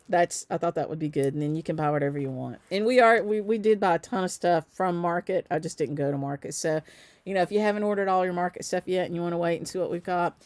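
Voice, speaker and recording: Chatty and upbeat, this live-streaming shop owner peppers her talk with ums and little laughs. She comes from the Southern US, though travel has softened her light accent. Her voice sits low with a darkish tone, and there's no echo.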